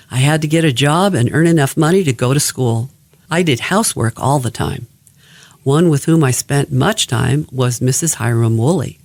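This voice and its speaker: A man's voice: mid-range voice, a little mellow, no room sound. Man reading a memoir, dry sound. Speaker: reader of a family memoir.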